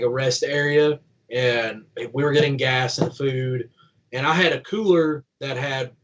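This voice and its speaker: A man's voice: medium pitch, rough recording. A young man from Kentucky with a light country twang, telling stories as a guest in a casual interview, rambling with lots of "like". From Kentucky, USA. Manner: rambling and chatty, full of "like", laughing while telling stories. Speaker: guest, professional wrestler.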